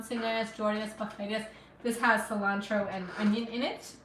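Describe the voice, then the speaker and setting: Cooking in her home kitchen, a middle-aged woman from Afghanistan with no accent keeps up friendly, encouraging chatter for her livestream audience, sniffling a bit from allergies. Her mid-range voice is fairly bright with little pitch movement, at normal speed. The sound is roomy, from a distant mic, with slight background noise.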